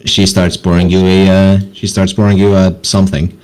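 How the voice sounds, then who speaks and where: Game master, man, very deep voice, casual narration. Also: level tone, moderate pace, darkish tone, clean tone, low-quality recording.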